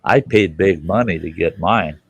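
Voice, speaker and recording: A man's voice: low-pitched, measured pace, gravelly, fairly bright tone, breathy edge, no room sound, muffled recording. A man hosting a casual campfire chat, telling stories in a boisterous, profane way. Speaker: host.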